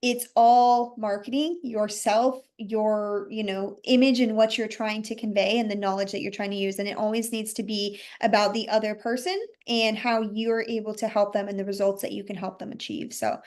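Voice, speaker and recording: A woman's voice: mid-range voice, steady tone, normal speed, few pauses, a little mellow. A woman hosting a podcast interview, agreeing with her guest and talking in long, loose, rambling sentences. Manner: agreeable, rambling, many fillers. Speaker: podcast host. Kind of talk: casual interview chat.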